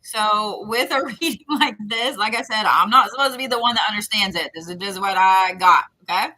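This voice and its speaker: Bright-voiced woman giving chatty readings. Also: mid-range voice, brisk, low-quality recording. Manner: rambling, repetitive, chatty. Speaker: psychic reader. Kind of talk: live-stream intuitive readings.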